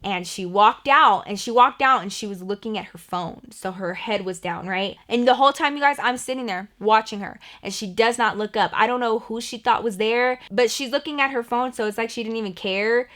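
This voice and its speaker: A woman's voice: on the high side, fairly quick, hardly any pauses. Chatty young woman telling a story. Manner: animated, chatty, lots of "like" fillers. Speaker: vlogger. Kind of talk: storytime vlog narration.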